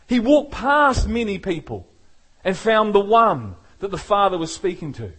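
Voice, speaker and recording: Man, pastor, sermon, high voice, animated, acts out quoted voices. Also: normal speed, husky.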